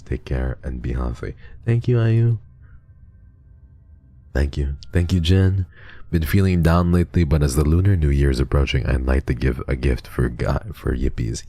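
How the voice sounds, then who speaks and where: A young man streaming and reading donations in a casual chat, soft and affectionate, sometimes teasing his viewers. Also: very deep voice, creaky, no room sound.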